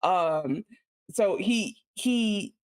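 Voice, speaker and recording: A woman's voice: medium pitch, expressive, drawn-out words. A woman co-hosting a podcast, chatting casually about a TV episode with rambling, self-interrupting asides. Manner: rambling, many restarts, giggly asides. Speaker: podcast co-host. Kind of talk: casual TV recap chat.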